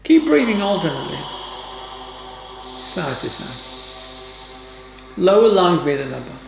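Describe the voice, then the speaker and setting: A woman yoga teacher giving calm, measured instructions with formal, old-fashioned phrasing during a guided class. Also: on the low side, creaky, music in the background. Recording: roomy, echoey room.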